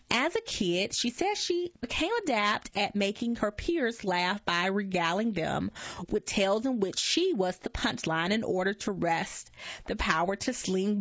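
A woman reading magazine articles aloud at an unhurried pace, often stumbling over words and correcting herself. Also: mid-range voice, dry recording. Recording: dull lo-fi dry recording.

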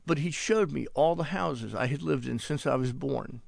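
A man's voice: medium pitch, moderate pace, creaky, dry recording, studio quality. An older man and author, reading his own prose and then chatting on a radio call-in show in a wry, self-deprecating way. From American South. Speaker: guest author. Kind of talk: reading aloud and radio interview chat.

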